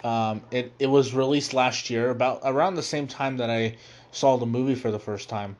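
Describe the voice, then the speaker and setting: A man's voice: medium pitch, fairly even intonation, darkish tone. A young man hosting a movie review show, rambling casually with many fillers and restarts, laughing as he quotes scenes. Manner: laughs easily, quotes scenes in quick put-on voices.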